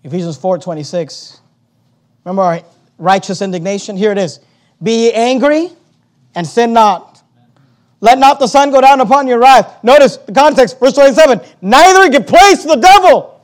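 A man with a very high voice preaching a sermon. He rises into loud, emphatic bursts full of repetition and then drops back to quieter explaining. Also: expressive, normal speed. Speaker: pastor.

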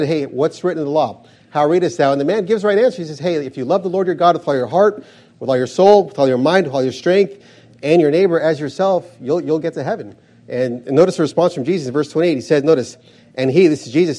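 A male preacher working through scripture, stopping every few words to say "notice" and press his point. His voice sits a little high for a man yet sounds dark and mellow. He talks with emphatic, steady conviction. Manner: repeats "notice" while reading verses aloud, emphatic. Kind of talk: expository sermon reading scripture.

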